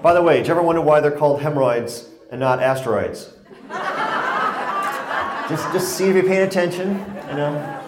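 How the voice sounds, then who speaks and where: A man's voice: fairly high pitch, normal speed, pauses often, echoey room, noisy background. A man from Connecticut giving a humorous public lecture on stress, telling stories and jokes to a laughing audience. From Connecticut, USA. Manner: joking, animated storytelling with audience laughter. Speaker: speaker giving a talk on stress.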